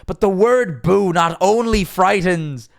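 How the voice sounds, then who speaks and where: This is a self-important lecturing pundit, put on by a male streamer mid-stream. The voice climbs noticeably higher than his usual and crawls along at half speed, each word weighed out with mock gravity. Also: creaky, exaggerated voice. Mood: solemn. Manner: slow, solemn, drawn-out delivery.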